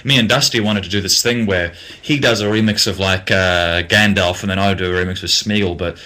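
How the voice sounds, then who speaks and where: Deep-voiced Australian man, halting and blunt. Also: steady tone, sharp tone. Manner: hesitant and halting, many ums and restarts, then blunt. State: getting tired. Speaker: music producer. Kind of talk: casual livestream Q&A, reading out viewer questions.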